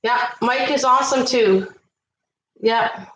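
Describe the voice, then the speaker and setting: A woman's voice: on the high side, slow, fairly bright tone. Chatty woman thanking stream viewers. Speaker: livestream cooking host. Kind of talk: casual live-stream chat. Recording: echoey room.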